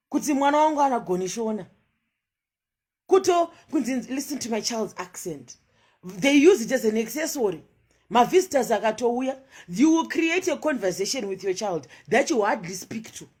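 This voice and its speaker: A woman's voice: on the high side, darkish tone, breathy edge. A woman giving a passionate monologue of social commentary, firing off rhetorical questions and switching between English and Shona.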